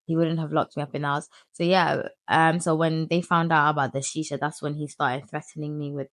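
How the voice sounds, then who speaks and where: Low-voiced woman telling her story. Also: brisk, hardly any pauses, dry recording, studio quality. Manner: candid, animated, with slang and crude asides. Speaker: vlogger. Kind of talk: storytime vlog.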